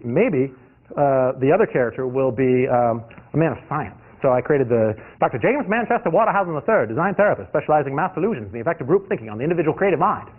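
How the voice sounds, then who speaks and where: A man from the US East Coast gives a guest lecture built on personal stories. He talks at a quick clip and often restarts his sentences. The recording sounds tinny and lo-fi, like it came through a phone. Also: fairly high pitch. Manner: lively, anecdotal storytelling with frequent restarts. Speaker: guest lecturer, industrial designer.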